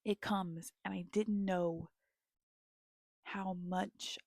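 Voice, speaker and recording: A young woman sits close to the mic in a dry, dead-sounding room, talking about books she loves. She takes her time, goes animated when the story grips her, and sometimes sinks into a hushed whisper. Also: on the low side, very slow, long pauses, no room sound. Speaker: book vlogger. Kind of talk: casual book recommendations.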